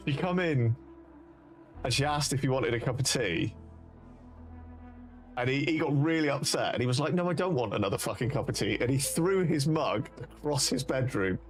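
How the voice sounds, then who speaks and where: A man with a British accent, a streamer casually telling rambling, sweary anecdotes and laughing at them. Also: fairly high pitch. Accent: British English. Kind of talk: casual storytelling on a live stream.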